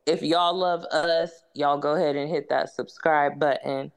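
Gravelly-voiced woman hosting a podcast. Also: low-pitched, fairly even intonation, unhurried. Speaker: podcast host. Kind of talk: casual podcast chat.

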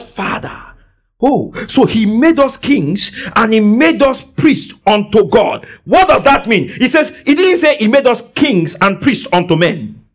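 A fervent male preacher with a very high voice that swings widely up and down. He leads the congregation in call-and-response and keeps breaking into exultant shouts. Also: big pitch swings, a little slow. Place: church service.

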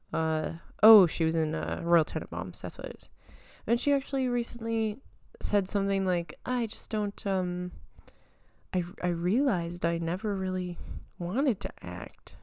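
Woman in her 30s rambling on a podcast, low-ish gravelly voice, dry close mic. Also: a little mellow, no room sound. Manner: rambling, chatty, trails off and restarts. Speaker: podcast host. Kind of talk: casual chat.

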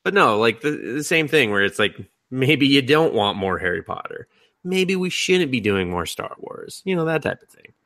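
A young man co-hosting a podcast in casual chat, rambling and animated, laughing often and swearing freely. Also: medium pitch, normal speed. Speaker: podcast co-host.

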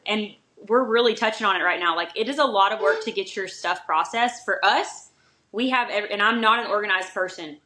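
A woman hosting a casual interview, bubbly and quick to jump in. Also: mid-range voice, bright, forceful tone, slight background noise.

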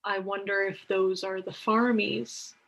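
A woman talks slowly and unhurriedly as she co-hosts a casual podcast. She rambles through her theories about a TV episode, filling her sentences with fillers. Her pitch sits in a middle range. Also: level tone, vocal fry, fairly bright tone. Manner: rambling, heavy use of filler words. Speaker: podcast co-host. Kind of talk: casual TV recap chat.

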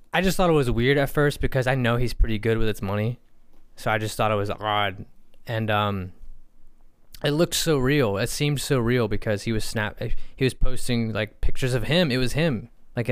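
A man's voice: medium pitch, normal speed, clear, resonant tone. A young man co-hosting a podcast in casual chat, telling stories with quoted dialogue and a lot of swearing. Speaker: podcast co-host.

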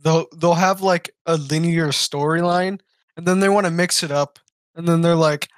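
A man's voice: on the high side, fairly even intonation, normal speed, dry recording, clean studio sound. A young man co-hosting a podcast, chatting casually in a rambling, enthusiastic way. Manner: rambling, enthusiastic, lots of fillers. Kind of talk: casual chat.

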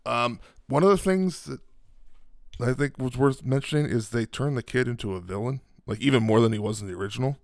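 A man co-hosting a casual movie review chat, measured and analytical, with some hesitations. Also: mid-range voice, vocal fry, dry recording, studio quality. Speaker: podcast co-host.

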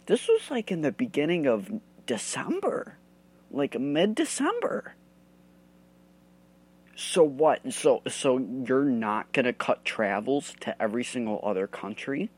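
A man's voice: medium pitch, very animated, a little slow, slightly rough. A man from the United States hosting a solo podcast, ranting angrily and swearing a lot. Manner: profane, heated ranting. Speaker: host.

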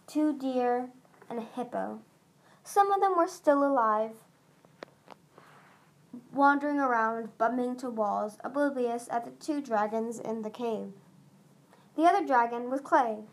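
A woman's voice: sits high, slight background noise. A woman narrating a storybook aloud, reading steadily with small slips and restarts. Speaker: audiobook reader.

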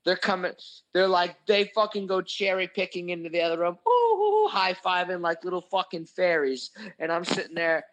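A young man telling a crude, profane story in a casual chat, animated and full of swearing. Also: high-pitched, brisk, dull audio. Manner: animated, crude, swears a lot, voices his own anger. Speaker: podcast host telling a story.

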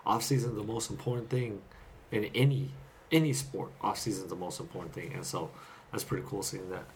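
A man's voice: lowish voice, steady tone, brisk, slight background noise. A man in casual chat, talking in an affirming, encouraging way about young players.

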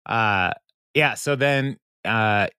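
Lower-voiced man recapping with laughter. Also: extremely slow, sharp tone, clean tone, dry recording, studio quality. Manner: retells scenes, briefly mimicking the characters' lines; laughs often while talking. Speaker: podcast co-host. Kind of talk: casual episode recap.

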